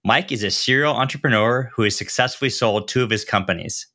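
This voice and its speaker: A man hosting a podcast, reading a scripted introduction and then asking his guest questions in a brisk, friendly way. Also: medium pitch, bright, forceful tone. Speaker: podcast host.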